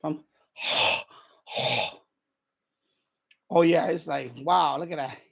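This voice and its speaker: A man's voice: fairly high pitch, drawn-out words, vocal fry, a bit bright. A man talking casually and out of breath on a live stream about his ham radio, laughing to himself as he moves gear around his setup.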